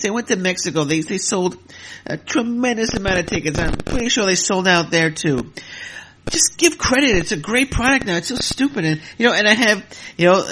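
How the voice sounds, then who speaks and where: A man's voice: high voice, a bit bright. A man hosting his own wrestling podcast, ranting in a heated, exasperated way, with many fillers and some cursing. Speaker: podcast host. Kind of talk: solo wrestling podcast rant.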